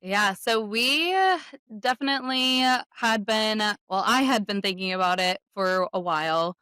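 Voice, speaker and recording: A young mother speaks as a podcast guest and tells her story in a lively, animated way. Her pace quickens when she gets going, and she laughs often. The recording is close and dry, with no room sound. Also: medium pitch, smooth, no room sound. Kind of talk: casual interview chat.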